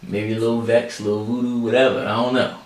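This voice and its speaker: A man hosting a podcast, telling a story in a chatty, animated way and talking straight to his listeners. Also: medium pitch, fast talker. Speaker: podcast host. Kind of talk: casual storytelling chat. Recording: echoey room, faint background noise.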